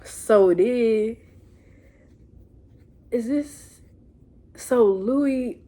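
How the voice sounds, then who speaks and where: A young woman giving a casual, animated recap of a TV episode, laughing and cursing as she tells it. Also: medium pitch, normal speed. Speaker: show reviewer. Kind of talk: casual chat video review.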